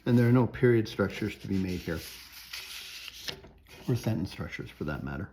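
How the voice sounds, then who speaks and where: A man's voice: deep voice, expressive, moderate pace, background noise. A man teaching music theory in a recorded lecture, thinking aloud as he works through an example, often checking in with "right?" and now and then singing a tune in nonsense syllables. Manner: frequent tag questions.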